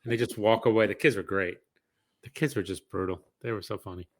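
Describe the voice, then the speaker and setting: A man co-hosting a casual podcast, joking and quoting scenes in a lively way. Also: lowish voice, brisk. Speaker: podcast co-host. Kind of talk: casual chat.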